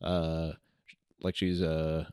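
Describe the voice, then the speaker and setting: Man, young, podcast co-host, rambling, quick and excitable, dry mic. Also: a bass voice, clean tone, no echo. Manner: fast, excitable, rambling with many restarts. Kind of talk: casual podcast chat.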